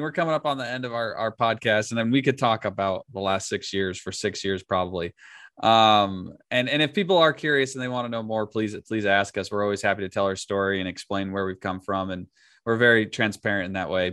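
A man's voice: on the low side, pushed and bright, dry recording. Dry-sounding man, casual podcast chat. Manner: laughs often while telling stories. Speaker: podcast co-host.

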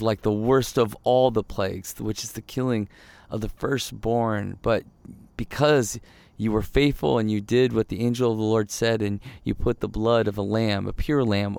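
Guy giving a chatty sermon, gravelly fry in his voice, dry close sound, keeps asking the crowd questions. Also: mid-range voice, dry recording. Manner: animated storytelling, frequent rhetorical questions to listeners. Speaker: preacher. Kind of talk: conversational sermon.

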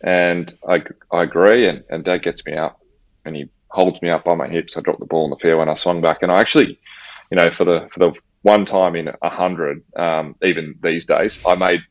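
Australian man, very low voice, casual slangy storytelling, dry slightly muffled recording. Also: brisk, no echo. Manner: casual, animated storytelling with slang and acted dialogue. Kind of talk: personal storytelling in conversation. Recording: slightly dull, dry audio.

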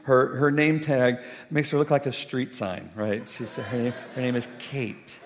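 A preacher telling a funny story in an animated, humorous way. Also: male voice, medium pitch, a little slow. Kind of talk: sermon storytelling. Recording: long hall reverb.

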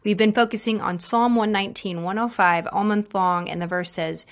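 A woman's voice: medium pitch, steady tone, normal speed. A woman in her thirties hosting a devotional podcast, talking in an earnest, encouraging way with casual fillers. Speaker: podcast host.

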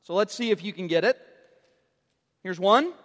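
High-voiced joking preacher in a reverberant hall. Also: male voice, expressive, moderate pace. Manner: teasing, joking with the congregation. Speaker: pastor. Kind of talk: sermon.

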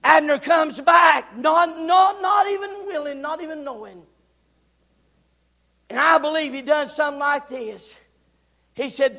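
High, shouting preacher in an echoing church. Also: male voice, a little slow, vocal fry, long pauses. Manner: call-and-response, bursts into shouting. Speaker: pastor. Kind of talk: sermon.

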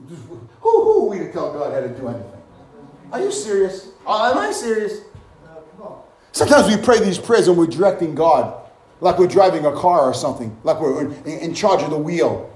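Animated male preacher, high lively voice, echoey room, lots of exclamations and questions. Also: normal speed. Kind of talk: sermon.

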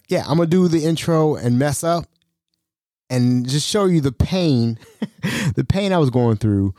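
A man rambles through his own podcast with a lively, swooping pitch and a mellow, warm tone. He pokes fun at himself and laughs often. The sound is dry and close. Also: no room sound. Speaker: podcast host. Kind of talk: casual solo podcast talk.

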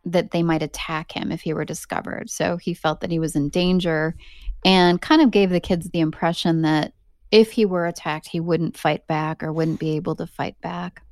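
A woman with a somewhat low voice recounts a bizarre encounter for her podcast, chatty and animated, breaking into little laughs as she goes. The sound is dry and close, with no room around it. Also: normal speed, no echo. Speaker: podcast host. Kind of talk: casual storytelling.

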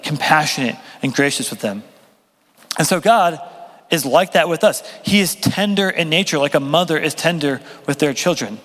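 Man, young pastor, chatty sermon, self-deprecating jokes, slightly high voice. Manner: conversational, self-deprecating humor, lively. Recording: long reverb of a hall.

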